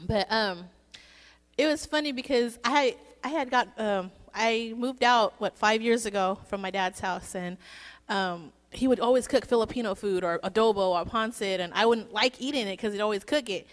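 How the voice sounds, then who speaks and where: A woman's voice: mid-range voice, normal speed. A woman giving a casual, joking eulogy for her father at a church service, telling stories in a chatty way. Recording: long reverb in a church hall.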